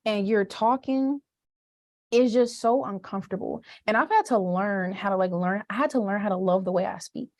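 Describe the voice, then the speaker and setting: Animated young woman, podcast guest. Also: medium pitch, normal speed. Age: young adult. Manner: animated, expressive, lots of "like". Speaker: guest, student teacher. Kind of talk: casual podcast conversation.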